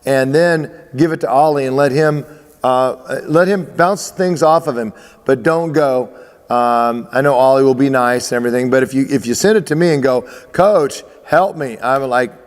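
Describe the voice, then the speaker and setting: A male baseball coach speaking emphatically to his athletes, driving each point home by repeating it. His voice sits at an ordinary middle pitch. The room adds a long, lingering reverb. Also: moderate pace. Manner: emphatic, repeats phrases, restarts.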